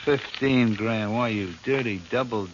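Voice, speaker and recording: An actor playing a greedy, nervous crook in a 1940s radio drama. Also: male voice, medium pitch, unhurried, background noise, lightly acted. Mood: tense. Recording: lo-fi old radio recording.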